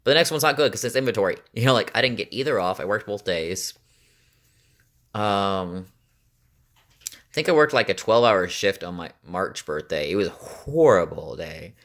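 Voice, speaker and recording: Low-voiced young man rambling in a vlog. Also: expressive, moderate pace, a bit bright. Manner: rambling and chatty, many fillers, venting with exasperated laughs. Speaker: vlogger. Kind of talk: casual chat.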